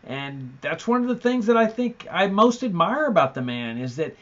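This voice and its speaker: A man's voice: high voice, big pitch swings, moderate pace. A man hosting a podcast conversation who speaks earnestly and stresses his points. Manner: earnest and admiring, with emphatic stress. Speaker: podcast host. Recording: dull lo-fi sound.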